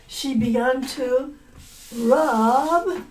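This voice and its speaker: A woman's voice: high-pitched, very slow, slight background noise, low-quality recording. A woman teacher telling a folk tale to language learners, repeating words and explaining them in simple terms. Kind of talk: story-listening lesson, retelling a folk tale.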